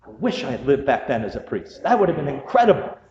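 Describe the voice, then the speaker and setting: A man's voice: mid-range voice, big pitch swings, quick pace, a crowd in the background. A man preaching a sermon as pastor, conversational and joking, with humorous asides. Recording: dull, echoey hall sound.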